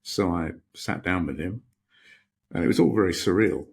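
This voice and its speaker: A deep-voiced middle-aged man with a British accent, a guest telling a long personal story in a podcast interview. His low voice is gravelly and husky, and he speaks reflectively, stopping and restarting often. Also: moderate pace. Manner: reflective, anecdotal, many restarts.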